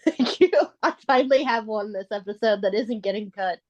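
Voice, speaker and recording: A woman's voice: medium pitch, moderate pace, no echo. A woman co-hosting a comedy podcast, firing off wry, stubborn one-liners. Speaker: podcast co-host. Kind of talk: casual comedic chat. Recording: dull lo-fi sound.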